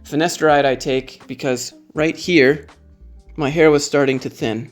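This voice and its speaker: A man's voice: fairly high pitch, fairly even intonation, unhurried, faint music behind. A man in his thirties talking frankly to the camera in a casual vlog, joking as he goes. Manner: frank, joking, conversational, shows items to the camera. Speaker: YouTube creator.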